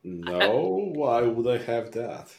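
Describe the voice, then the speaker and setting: A man's voice: mid-range voice, very animated, slow, gravelly, darkish tone, echoey room. A man speaking plainly as a player in a tabletop game. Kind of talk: casual tabletop game chat.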